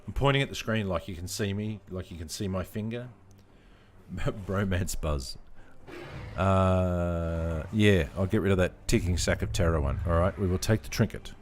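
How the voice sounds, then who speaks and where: A man streaming a game live, chatting with viewers, laughing often and reacting out loud. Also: low-pitched, normal speed, slight background noise. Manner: laughs often, chats to viewers while playing. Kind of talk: casual live-stream chat. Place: home room.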